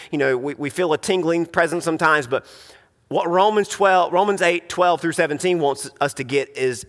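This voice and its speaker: Male pastor, slightly high, bright and forceful voice, earnest sermon delivery with restarts, long hall reverb. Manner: earnest, emphatic, with frequent restarts.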